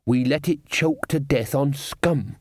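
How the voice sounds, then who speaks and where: A man's voice: medium pitch, slow pace, dry recording, studio quality, pitched above the performer's own voice. A man voicing a snide, bossy young man who sneers at others and quotes his father.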